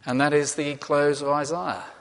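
A man's voice: a little high, steady tone, normal speed. A man preaching a sermon in a conversational way, asking and answering his own questions. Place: church. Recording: long reverb of a large hall.

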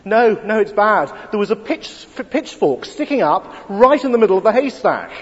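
A preacher puts on a chatty man who keeps turning good news into bad news, with lively rising pitch. The delivery is punchy and back-and-forth. It echoes long in a church hall on a muffled recording. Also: normal speed. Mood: teasing.

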